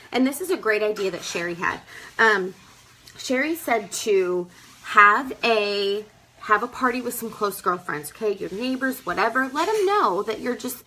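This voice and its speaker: Young woman, bright voice, chatty, emphatic, casual sales coaching. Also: fairly high pitch, a little hiss or hum, rough recording. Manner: chatty, emphatic, calls listeners "girl"; acts out customers in quoted voices. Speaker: direct sales team leader. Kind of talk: casual training talk.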